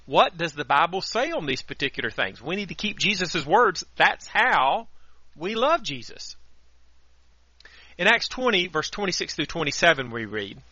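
Earnest radio preacher, bright lo-fi voice. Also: male voice, a little high, moderate pace, dry recording. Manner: earnest, steady preaching with scripture readings. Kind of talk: radio sermon. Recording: dry, dull lo-fi radio audio.

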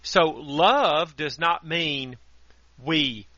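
A male radio preacher gives a steady, earnest sermon and works scripture into it. His voice is bright and forceful and sits a little high. The audio is dry and dull, with a lo-fi radio sound. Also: very slow, no echo.

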